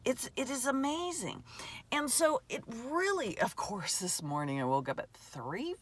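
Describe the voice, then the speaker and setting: A woman's voice: a little high, very animated, unhurried. A woman hosting a podcast, talking through a meandering spiritual reflection outdoors, often restarting sentences and laughing mid-thought. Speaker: podcast host. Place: outdoors in a remote spot.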